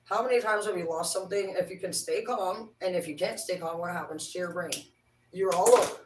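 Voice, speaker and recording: A woman's voice: on the low side, a little fast, recorded from a distance. A woman livestreaming a casual, rambling monologue, preachy and full of swearing. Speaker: livestream host. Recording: roomy, from the mic.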